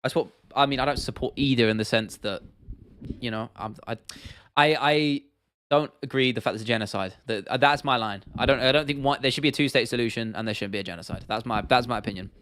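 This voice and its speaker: A man's voice: mid-range voice, fast, a bit bright, no room sound. Blunt, slangy young British man streaming. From United Kingdom. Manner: blunt, slangy, swears freely, trails off into restarts. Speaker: livestream host. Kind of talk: casual livestream Q&A chat.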